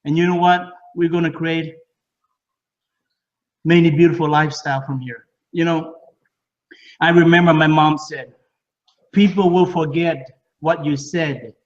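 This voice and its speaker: Distant, muffled man pitching with excitement. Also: measured pace, pauses often. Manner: repeats words, broken English phrasing. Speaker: speaker at a home business party. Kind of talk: enthusiastic sales pitch. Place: living room of a home party.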